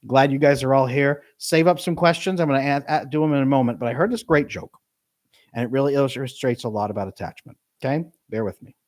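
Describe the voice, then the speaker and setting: A middle-aged man, a relationship coach, talking to his live stream audience with emphatic, jumpy pitch on key words. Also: fast talker. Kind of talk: live stream talk to chat.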